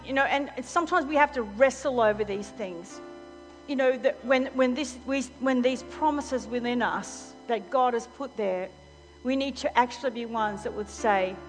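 High-voiced woman preaching. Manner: animated storytelling, acts out quotes, laughs often. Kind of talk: sermon. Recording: long hall reverb, faint music.

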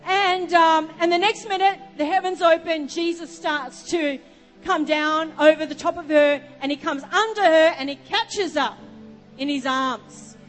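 An Australian woman preaching from the front with a high voice, telling a story and wandering off into asides. Her words ring out in a long, echoing reverb with soft music underneath. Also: unhurried. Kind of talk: sermon.

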